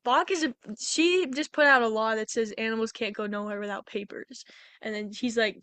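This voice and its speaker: A woman's voice: fairly high pitch, moderate pace, a bit bright, clear, resonant tone, no echo. A woman on a podcast, casually retelling a movie plot in a rambling way with many restarts. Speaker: podcast co-host. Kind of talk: casual movie review chat.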